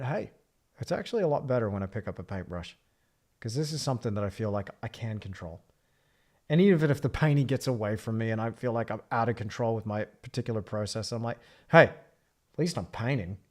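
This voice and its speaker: A man's voice: on the low side, a little mellow. A man streaming live from his art studio, chatting in a reflective, rambling way while he paints. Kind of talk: casual livestream chat.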